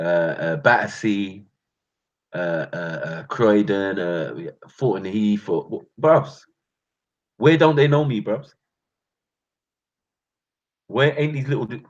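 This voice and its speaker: A man with a London accent gives a heated, slang-heavy rant, his voice low and husky. The sound is muffled and lo-fi, and he keeps calling out to his listeners as bruv and fam. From England. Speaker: channel host.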